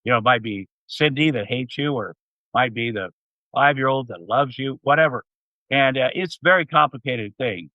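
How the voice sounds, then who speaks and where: A man's voice: mid-range voice, moderate pace, dry recording. A man in his sixties telling a long, rambling anecdote as an interview guest, full of fillers and restarts. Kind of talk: casual storytelling. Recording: dull, slightly muffled audio.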